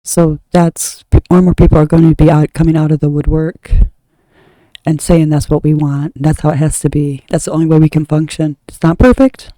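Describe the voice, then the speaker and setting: American lady doing a tarot reading, super mellow dark voice, rambles and restarts a lot, opinionated. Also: low-pitched, little pitch movement, a little fast, no room sound, low-quality recording. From United States. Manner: rambling, blunt, trails off and restarts. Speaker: tarot reader. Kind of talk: opinionated spoken monologue.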